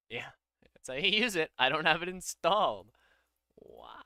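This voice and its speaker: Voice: mid-range voice, very animated, a little slow, sharp tone, no room sound, clean studio sound. A programmer thinking aloud while coding in a casual vlog, muttering to themself and laughing at their own mistakes.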